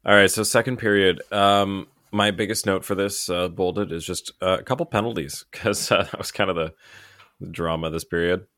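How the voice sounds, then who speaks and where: Very deep-voiced man on a dry mic. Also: steady tone, normal speed, fairly bright tone, dry recording. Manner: easygoing, leads the recap. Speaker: podcast host. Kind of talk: casual sports chat.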